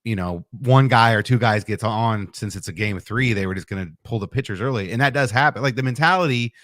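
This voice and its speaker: A man's voice: lowish voice, quick pace, fairly bright tone, no echo, clean studio sound. A man co-hosting a casual sports betting chat, laid-back and explaining at length.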